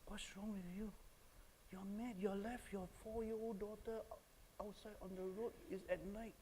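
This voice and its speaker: A man's voice: high voice, little pitch movement, unhurried, a little mellow, slight background noise, voice pushed up, low-quality recording. A man with a Singaporean English accent voicing his exasperated wife scolding her husband, in a sermon.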